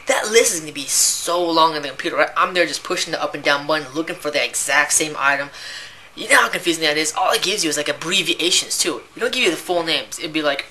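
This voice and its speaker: A young cashier with a low, bright, pushed voice talks fast, with a little hiss or hum in the audio. Exasperated, she rants casually and ramblingly about annoying customers, packing her speech with "like" and "right?"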